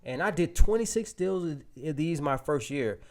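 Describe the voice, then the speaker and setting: A man presenting a real estate webinar, telling a casual, animated story full of restarts and fillers to his audience. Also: on the high side, moderate pace.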